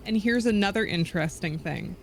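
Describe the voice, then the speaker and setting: A man's voice: high voice, fairly quick, slight background noise. A man appearing as a guest on a live stream, chatting easily and hesitating with fillers as he thinks. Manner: easygoing, hesitant, many ums and self-corrections. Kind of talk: casual live-stream chat.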